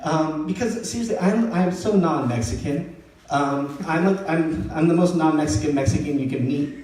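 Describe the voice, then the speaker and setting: A young man with a high voice for a man tells stand-up stories, acting out each line of dialogue in an animated voice. He is caught from a distance on a stage mic, and a strong echo hangs on every word. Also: moderate pace. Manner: animated storytelling, acting out quotes in shifting voices. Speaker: stand-up comedian. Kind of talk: stand-up comedy set. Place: comedy venue with live audience. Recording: very echoey room, voice far from mic.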